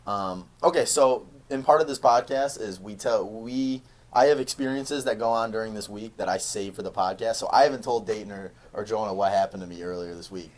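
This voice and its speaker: A young man co-hosting a casual podcast, telling a story in an animated way and laughing often. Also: lowish voice, fairly quick. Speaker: podcast co-host.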